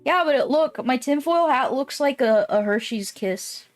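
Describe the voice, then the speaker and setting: A woman's voice: high voice, expressive, moderate pace. A woman streamer chatting casually with her viewers. She rambles, swears often and laughs easily. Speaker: live streamer. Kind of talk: casual live-stream chat.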